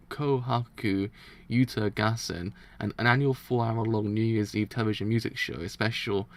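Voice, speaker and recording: A man's voice: on the low side, vocal fry. A man hosting a manga reaction, reading notes aloud and chatting casually, often stumbling over words and correcting himself. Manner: chatty and self-deprecating. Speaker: manga reaction channel host.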